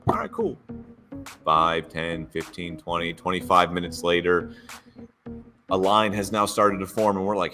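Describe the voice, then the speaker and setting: A man's voice: sits low, moderate pace, faint music behind. A man co-hosting a sports podcast, telling stories in casual chat and acting out the dialogue. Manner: animated storyteller, acts out dialogue. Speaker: podcast co-host.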